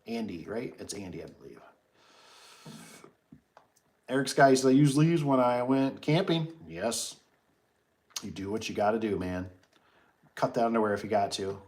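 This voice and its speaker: Animated man telling stories on a livestream. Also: mid-range voice, moderate pace, pauses often. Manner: animated, acts out his own reactions. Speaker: livestream host reading chat. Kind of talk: casual storytelling chat.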